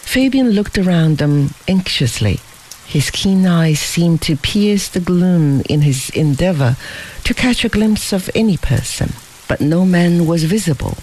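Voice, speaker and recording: A narrator reading a novel aloud in a measured storytelling manner. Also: medium pitch, darkish tone, slight background noise, rough recording. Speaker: audiobook narrator. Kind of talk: scripted narration.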